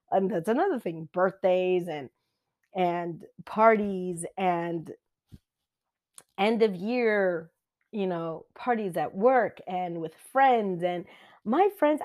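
A woman in her thirties, a mother, giving a casual chatty life update and telling stories with quick quoted asides. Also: medium pitch, a little mellow. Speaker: vlogger.

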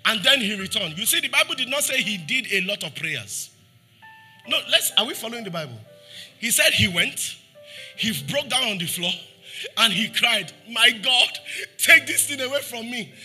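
A Nigerian man preaching as pastor talks briskly in a slightly rough voice with lively intonation, faint music behind him. He challenges the congregation with rhetorical questions and performs scripture quotes, softening and lowering his voice to plead.

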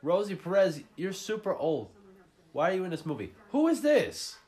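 A man's voice: high-pitched, big pitch swings, normal speed, a little mellow. A man with a slightly raised voice hosts a casual movie podcast. He swears freely and riffs sarcastically on the plot. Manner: profane, joking, mocking the plot. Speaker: podcast host.

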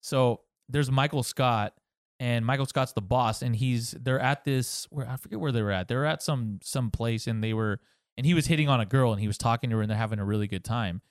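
A man's voice: mid-range voice, fairly quick, dry recording, studio quality. A man co-hosting a podcast, rambling through crude stories with swearing and laughter. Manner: rambling, profane, laughs often. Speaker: podcast co-host. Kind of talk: casual crude chat.

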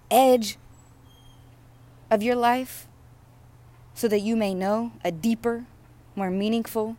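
A woman's voice: mid-range voice, warm tone. A woman delivering an impassioned, rhythmic spiritual sermon, repeating phrases with growing fervor. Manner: repetitive, rhythmic, fervent preaching. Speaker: spiritual speaker.

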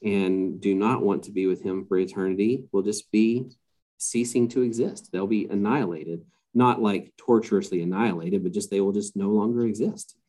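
Man, podcast guest, low pitch, soft warm tone, measured and halting, lots of ums. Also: fairly even intonation. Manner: hesitant, many fillers and restarts. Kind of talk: casual podcast conversation.

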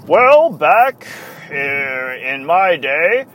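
A man's voice: on the high side, very animated, fairly bright tone, a little hiss or hum, voice pushed up, full character voice. A man doing an impression of a pompous, boastful older male baseball radio announcer. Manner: pontificating, drawn-out.

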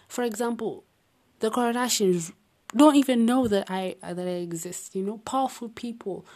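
Young woman w/ an accent rambling softly at night, kinda husky, half whispering, real slow. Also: lowish voice. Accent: unnamed non-native-sounding accent. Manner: soft, often half-whispered, rambling with sighs and restarts. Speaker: vlogger. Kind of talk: late-night personal ramble.

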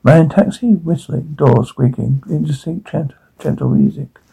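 A man's voice: fairly high pitch, moderate pace, gravelly, warm tone, husky, low-quality recording. A man reading brief, plain descriptions of sounds and scenes over a drama.

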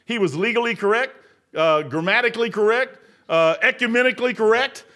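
Older man, preacher, high-pitched, loud bursts between mumbles. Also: a little fast. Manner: storytelling, emphatic, swings from mutter to loud. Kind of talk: folksy sermon.

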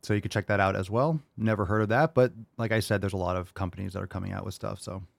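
A man with a fairly low voice hosts a call-in fitness show. He answers questions in a loose, direct and joking way. The sound is close and dry. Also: fast talker, gravelly, dry recording. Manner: loose, joking and direct, plain gym advice. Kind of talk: casual call-in advice talk.

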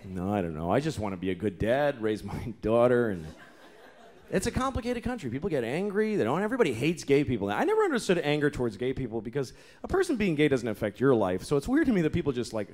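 In a live club recording full of crowd laughter and faint noise, a man in his thirties does stand-up built on exasperated, foul-mouthed stories with acted-out quotes. He talks fast in a sing-song, mid-range, slightly mellow voice.

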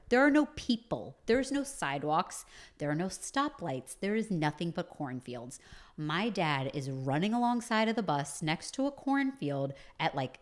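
A woman casually telling a personal story, chatty and full of fillers like "you know". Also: on the low side.

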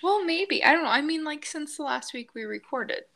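A woman's voice: high-pitched, animated, normal speed, fairly bright tone. A woman co-hosting a podcast in casual chat, easygoing and supportive. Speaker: podcast co-host.

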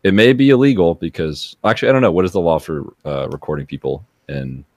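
A young man hosting a casual podcast, teasing his friend, laughing loudly and swearing. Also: low voice, fast talker, dry recording, clean studio sound. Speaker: podcast host. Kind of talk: casual chat.

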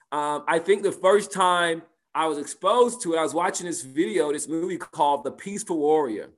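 A man's voice: a little high, a bit bright. A man teaching a spiritual class and answering participants' questions, talking conversationally, repeating phrases and asking "right?".

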